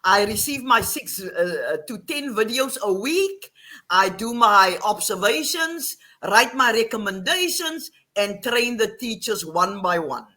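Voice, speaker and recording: Lively, bright woman on a video call. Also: mid-range voice, measured pace. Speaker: guest teacher trainer. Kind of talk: interview answer.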